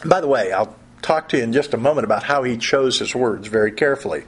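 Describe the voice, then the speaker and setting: A pastor preaching a sermon in a conversational way, reading scripture and adding humorous asides. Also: male voice, medium pitch, fast, slightly rough.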